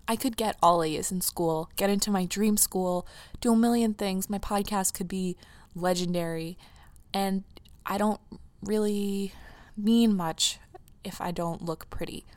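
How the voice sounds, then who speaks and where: A woman's voice: medium pitch, no room sound. A young woman in her teens hosting her own casual podcast, gushing and rambling emotionally with restarts, close to tears. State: near tears. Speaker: podcast host. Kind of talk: casual solo podcast chat.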